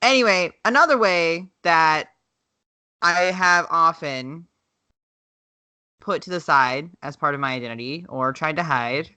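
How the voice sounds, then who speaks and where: A podcast co-host from the American South with a light Southern accent, chatting frankly, swearing freely and laughing often. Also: female voice, sits low, a little slow, pauses often, bright, forceful tone, smooth, dry recording. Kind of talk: casual chat.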